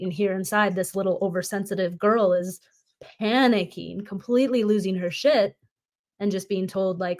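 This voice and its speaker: Reflective woman, mid-pitched voice, affirming podcast conversation. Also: moderate pace, darkish tone. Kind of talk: casual podcast chat.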